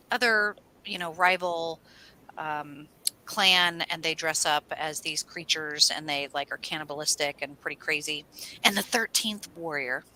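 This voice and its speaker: A woman co-hosting an astrology livestream, telling rambling stories in a casual, animated way and swearing now and then. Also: on the low side, rough recording. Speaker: astrology show co-host.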